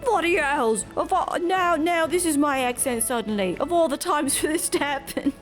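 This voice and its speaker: A woman's voice: high-pitched, moderate pace, faint music behind, pitched above the performer's own voice, natural voice. A woman voicing a flustered military officer with a put-on British accent who barks urgent orders.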